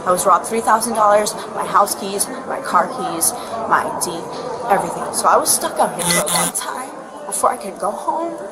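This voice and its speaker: A woman's voice: medium pitch, expressive, normal speed. Upset young woman rambling on bodycam. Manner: rambling, upset, heavy use of "like". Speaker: airline passenger giving a statement to police. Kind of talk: statement to police. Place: airport. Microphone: police bodycam. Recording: noisy bodycam audio in an airport.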